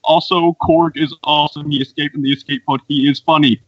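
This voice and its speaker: An excitable man chats on a podcast in a bright, high, sharp voice. His dry, dull mic sounds lo-fi. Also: a little fast, husky, dry recording. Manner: excitable, jumpy exclamations. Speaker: podcast co-host. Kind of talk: casual podcast chat.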